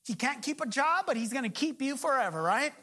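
A woman pastor preaching a sermon. She speaks emphatically, slows down to stress key phrases, and prompts the congregation to finish her lines. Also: high-pitched, lively intonation, pushed and bright, breathy edge.

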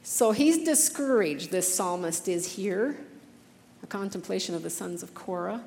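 A woman's voice: medium pitch, lively intonation, measured pace, creaky, a little mellow, in a large hall. A woman giving an earnest, conversational devotional talk, reading scripture passages with feeling.

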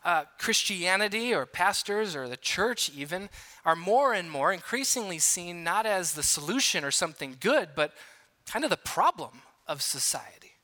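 A man's voice: high voice, animated, normal speed, pushed and bright. A man preaching a sermon as pastor, telling a family story in a conversational way with jokes and questions to the congregation. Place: church hall.

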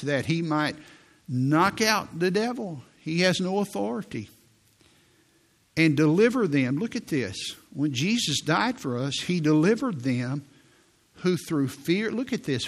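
A man preaching a sermon in a slow, deliberate way, reading scripture aloud and explaining it. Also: on the high side, creaky. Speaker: pastor.

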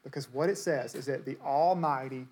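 A man's voice: medium pitch, moderate pace, a little mellow, breathy edge. A man preaching a sermon to a congregation, conversational and emphatic, repeating words to stress his points. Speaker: pastor.

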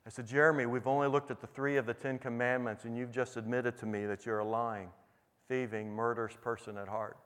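A man's voice: medium pitch, little pitch movement, fairly quick, a bit bright. A middle-aged man preaching, earnestly retelling a conversation with a young inmate as a testimony. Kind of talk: sermon storytelling. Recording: long hall reverb.

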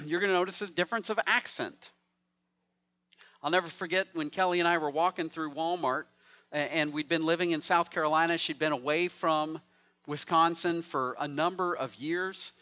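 A man's voice: fairly high pitch, fairly even intonation, normal speed, bright, forceful tone, muffled recording. A man preaching a sermon as pastor, conversational and joking with the congregation.

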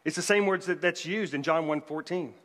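A man's voice: fairly high pitch, fairly quick, a bit bright. A man, a pastor, delivering a conversational sermon with joking asides to the congregation. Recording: long hall reverb.

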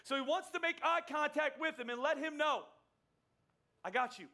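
A middle-aged man preaches in a high, bright voice. He tells his story conversationally from the pulpit and slips into the voices of the people he quotes. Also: brisk. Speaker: pastor. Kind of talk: sermon with personal story.

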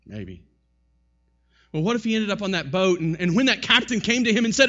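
A man preaching a sermon in an animated style, his voice rising and falling sharply. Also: sits high, fairly quick, long pauses, dull audio. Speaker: pastor.

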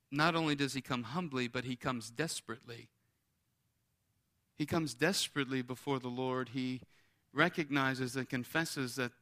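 A male pastor preaching with a forceful, bright tone and a somewhat high voice. He is earnest and builds to emphatic peaks. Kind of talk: sermon.

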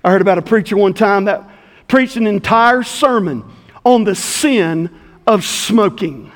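A man's voice: sits high, lively intonation, a little slow, long reverb tail. A middle-aged man pastoring a church, giving a folksy, conversational sermon with stories.

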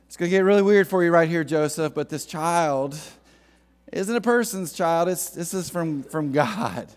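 A man's voice: on the high side, expressive, normal speed, long reverb tail, lightly acted. A man voicing a young woman who sweet-talks and hesitates, acted out within a preached sermon. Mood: reassuring.

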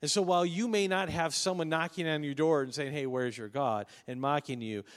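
A man's voice: a little high, brisk, in a large hall. A man preaching a sermon as pastor, earnest and emphatic, often restarting his sentences.

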